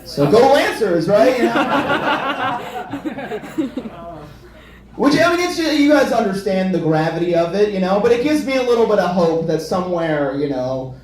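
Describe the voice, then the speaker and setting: A man's voice: sits high, very animated, a little fast, hardly any pauses, a little mellow. A young man from the Midwest, doing wry, self-deprecating stand-up at a small comedy venue. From Kansas, US Midwest. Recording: echoey room, far mic, crowd.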